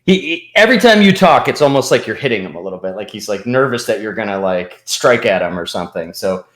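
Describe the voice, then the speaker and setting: A man's voice: fairly low pitch, lively intonation, fast, fairly bright tone, roomy sound. A man narrating as game master, rambling with hesitant restarts.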